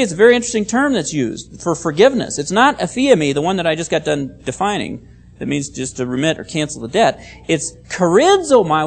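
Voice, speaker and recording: A preacher delivering a sermon with a voice that rises and falls a great deal. The tone is emphatic and teaching, driving points home through repetition and careful explanation of scripture. The pitch sits in a middle range. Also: vocal fry. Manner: emphatic, repeats key phrases; explains Bible words and reads scripture aloud. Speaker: pastor.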